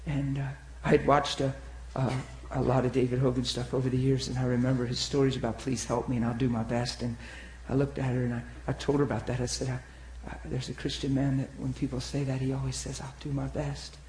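A man preaching a sermon, telling stories and acting out the voices of the people in them, swinging from loud outbursts to hushed tones. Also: medium pitch, little pitch movement, a little fast, slight background noise. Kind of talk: sermon storytelling. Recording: echoey room.

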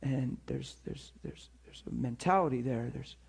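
A man preaching a sermon as a pastor, telling a personal story in an animated way, often breaking into laughter and repeating words as he goes. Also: mid-range voice, normal speed, gravelly, slightly rough.

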